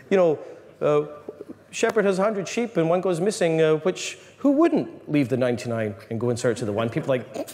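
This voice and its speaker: Joking priest speaker, lively pitch swings, echoing hall with faint room noise. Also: male voice, normal speed. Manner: animated, joking, many restarts. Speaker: priest giving a talk. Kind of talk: lively talk to a live audience. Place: large hall.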